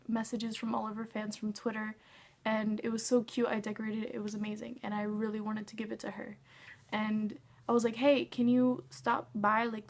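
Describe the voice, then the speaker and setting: A young woman chats through a storytime vlog, gushing about a concert and acting out every exchange. Her voice sits fairly high. She keeps it in a narrow, level band, with "like" dropped into nearly every sentence. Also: darkish tone. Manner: gushing, says "like" a lot, acts out quotes. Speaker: fan telling a concert story.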